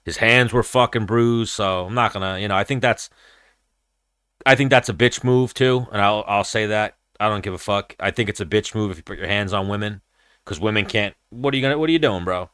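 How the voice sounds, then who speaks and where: A man's voice: on the low side, brisk, a bit bright, clean tone, no echo, studio quality. A man hosting a combat-sports podcast, talking in a blunt, profane, rambling way. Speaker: podcast host. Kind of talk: casual combat-sports chat.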